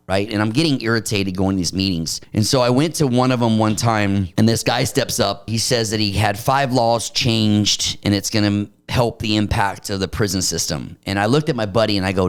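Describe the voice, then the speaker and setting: A middle-aged man with a very low, deep voice tells his story bluntly and in street language. He talks in a casual, animated way. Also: fairly quick, few pauses, smooth. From Arizona. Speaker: podcast guest.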